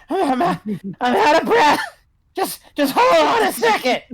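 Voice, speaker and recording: Player doing a tiny lazy rogue, squeaky, very high, breathless, giggly, swooping voice. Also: sing-song, measured pace, bright, forceful tone, heavily acted. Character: tiny breathless halfling-sized male rogue.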